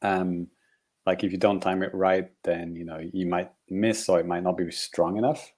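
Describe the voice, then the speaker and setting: A man with a low, dark and mellow voice chats casually as a podcast co-host. He rambles through his points with lots of fillers and little chuckles. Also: level tone, normal speed. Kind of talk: casual chat.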